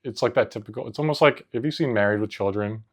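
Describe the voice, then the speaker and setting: A man's voice: on the low side, fast talker. A young man co-hosting a podcast, rambling through anecdotes in casual chat and mimicking voices. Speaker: podcast co-host.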